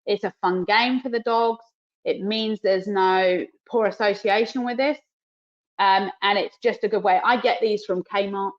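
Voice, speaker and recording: A woman's voice: mid-range voice, fairly even intonation, measured pace. Brief: female dog trainer, New Zealand accent, live webinar demo, explaining and praising, dull lo-fi audio. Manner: explains while cueing the dog, soft praise.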